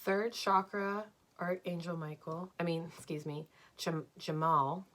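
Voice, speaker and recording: A young woman reading tarot cards for her viewers at home, slow and dreamy but enthusiastic, with lots of "like"s. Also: fairly low pitch, fairly even intonation, a bit bright, slight background noise. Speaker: tarot card reader. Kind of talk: pick-a-card tarot reading.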